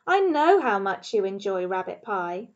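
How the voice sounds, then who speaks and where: A woman's voice: mid-range voice, big pitch swings, a little slow. A woman voicing a courteous bearded vagrant man. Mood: amused. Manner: courteous, gently teasing, wordy. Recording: dull lo-fi recording.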